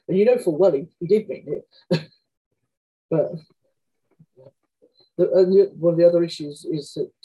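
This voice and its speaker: Woman, author guest; dark, husky, candid storyteller. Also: low-pitched, low-quality recording. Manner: frank, chatty, often acts out quoted dialogue. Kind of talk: candid conversational anecdotes.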